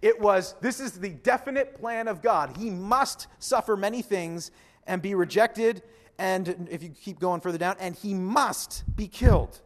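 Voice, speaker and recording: A man's voice: high-pitched, unhurried. A man preaching a sermon in an earnest, emphatic manner, speaking directly to his listeners. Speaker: pastor.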